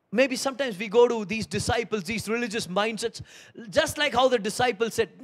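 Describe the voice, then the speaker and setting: Male pastor, high voice, sermon, hushed pleading to loud emphatic preaching. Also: a little fast.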